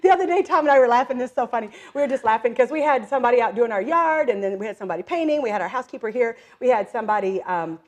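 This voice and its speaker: Very fast with hardly a pause, a middle-aged woman with a slightly high voice rattles through stories as a direct-selling entrepreneur guest in a casual interview. She laughs frequently, acts out quoted voices, and leans heavily on fillers like "um" and "like."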